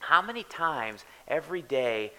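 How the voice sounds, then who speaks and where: A man preaching a sermon as pastor, animated and checking in with the congregation with repeated "right?". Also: a little high, measured pace, low-quality recording. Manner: animated, tags lines with "right?".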